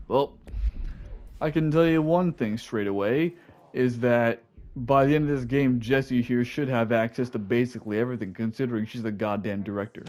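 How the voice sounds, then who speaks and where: A man's voice: medium pitch, moderate pace, darkish tone. A man giving casual gameplay commentary while he plays, laid-back and full of swearing, with lots of "like" and "dude". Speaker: video game player.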